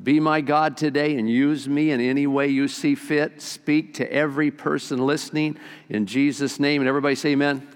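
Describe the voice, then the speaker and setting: Older pastor preaching in a reverberant hall. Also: male voice, a little high, normal speed, clean tone. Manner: folksy, animated storyteller. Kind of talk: sermon.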